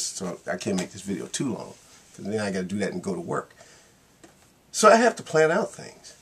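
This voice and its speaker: A man's voice: fairly low pitch, creaky, breathy edge. A man giving a casual, rambling monologue in his vlog, wry and laughing at himself. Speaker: vlogger.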